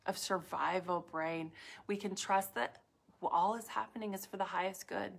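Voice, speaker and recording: A woman speaking to viewers in a live talk about inner calm, in soft, reflective phrases full of "like" and pauses, sometimes dropping to a whisper. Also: medium pitch, vocal fry, breathy edge. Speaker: wellness speaker.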